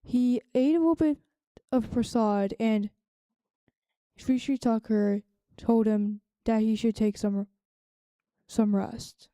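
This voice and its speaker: A woman answering a question in a group, hesitant and halting, with many fillers. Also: fairly high pitch, steady tone, warm tone, no room sound. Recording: dry phone-like call audio.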